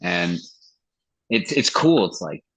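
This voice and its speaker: A metal band singer guests on a podcast in casual interview chat, loose and profane, swearing freely and acting out quoted conversations. His voice is low and fairly bright, with big pitch swings and a slow pace, on a low-quality recording.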